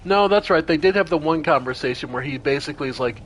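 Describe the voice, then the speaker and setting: A man's voice: fairly high pitch, quick pace, a little hiss or hum. A man streaming a strategy role-playing game, talking casually through each party member's turn as he plays. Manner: talks through party turns aloud, animated exclamations. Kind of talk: casual gameplay commentary.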